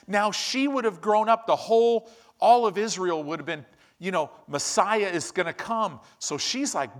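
Animated male preacher, higher voice. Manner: animated, exclamatory, quick asides. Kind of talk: sermon.

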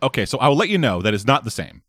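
Casting: man, blunt and profane, lively pitch, dry close sound. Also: rapid-fire, dry recording. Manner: blunt, profane, animated critique. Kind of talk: casual chat.

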